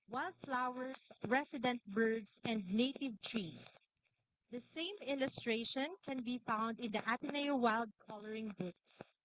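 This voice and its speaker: A woman with a somewhat high, slightly bright voice hosts an event in a hall, with slight background noise. She gives announcements hesitantly, using fillers and repeating herself.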